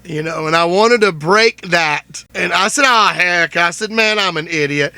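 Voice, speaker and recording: Chatty high-voiced gravelly man. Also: normal speed, bright, forceful tone, dry recording. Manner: chatty, rambling, jokey retelling with many "I said". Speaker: podcast host. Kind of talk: casual storytelling monologue.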